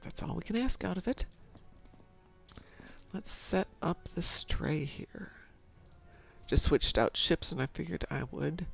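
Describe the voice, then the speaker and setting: Rambling and chatty, a middle-aged woman talks to herself while streaming a game. Her voice is lowish, gravelly, and slightly rough.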